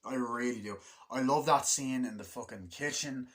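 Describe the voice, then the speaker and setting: Rambling, swearing young-sounding male film fan. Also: medium pitch. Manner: rambling and excitable, swears often, many fillers like "like"; acts out movie lines in quick put-on voices. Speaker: film reviewer. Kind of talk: casual rambling film review.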